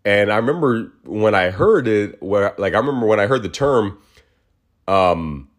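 A man with a fairly low voice hosts a solo podcast. His talk is casual and rambling, with many fillers and restarts. He keeps it animated by acting out the voices of people he quotes. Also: moderate pace. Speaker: podcast host.

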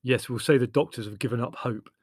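A man's voice: medium pitch, quick pace, breathy edge, dry recording, clean studio sound, close to an everyday voice. A man voicing a blunt, matter-of-fact young man. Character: blunt young English man, gun-loving brother.

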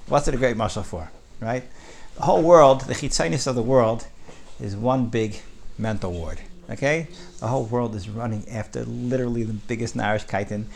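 Guy teaching a torah class, gravelly, gets loud on key points. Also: medium pitch, normal speed, slight background noise. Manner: animated, rising with emphasis, frequent "right?".

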